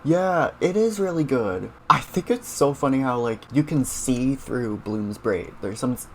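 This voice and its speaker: A man's voice: mid-range voice, slight background noise. A man hosting a casual reaction show, chatting with viewers about cartoon scenes and using lots of fillers.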